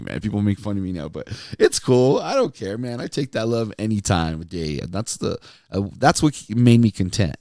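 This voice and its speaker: Deep-voiced man telling laid-back stories. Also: sing-song, fairly quick, hardly any pauses, darkish tone, no echo, studio quality. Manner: laid-back, laughs a lot, says "dude" and "man". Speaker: podcast host, former radio DJ. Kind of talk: casual storytelling monologue.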